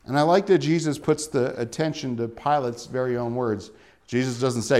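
A man's voice: mid-range voice, a little fast, a little mellow. A man preaching a sermon in a conversational way, often asking rhetorical questions.

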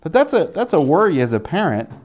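Young guy preaching, animated, does little voices for people he quotes, slows way down to make a point. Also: on the high side. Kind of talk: sermon.

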